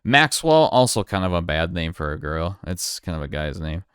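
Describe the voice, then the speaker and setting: A man casually talking through a card pack unboxing, relaxed and chatty, thinking aloud as he goes. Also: low-pitched, moderate pace, smooth, no echo, studio quality. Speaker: card collector streamer.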